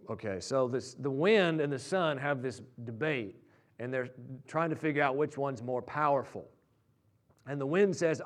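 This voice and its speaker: A man preaching a sermon, telling stories that build loud and high at their peaks. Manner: storytelling, rising loud and high at climaxes. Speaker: pastor.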